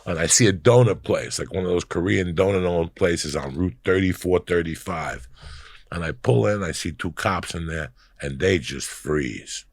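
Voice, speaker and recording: A middle-aged man tells profane, animated stories as a podcast guest, acting out the voices of the people in them. His voice sits very low, with a gravelly, husky rasp. The sound is close and dry. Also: moderate pace, dry recording. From New Jersey, USA. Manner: profane, animated storyteller who acts out quoted voices. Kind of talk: storytelling in casual chat.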